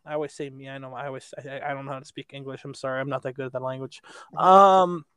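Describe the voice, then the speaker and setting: A man co-hosting a podcast tells a rambling story in casual conversation, swearing and laughing a lot. He talks fast in a medium-pitched, fairly bright voice with a steady tone.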